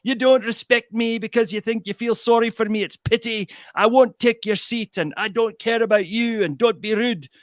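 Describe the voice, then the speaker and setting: A man voicing an angry, touchy little man on a bus, with a Scottish accent and a high, indignant voice. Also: normal speed, few pauses, no room sound, clean studio sound, natural voice. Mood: enraged.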